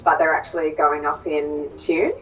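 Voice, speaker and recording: A woman's voice: low voice, little pitch movement, moderate pace, a bit bright. Brief: female Australian accent coach, thoughtful and hesitant, dull distant clip sound. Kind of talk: interview explanation.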